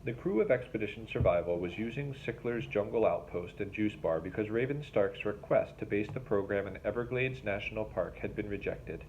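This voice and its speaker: A male teacher reading a novel aloud to his class, in steady, plain narration with an occasional restart. His voice sits low, and the recording is slightly dull with a faint hiss behind it. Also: fairly quick, few pauses.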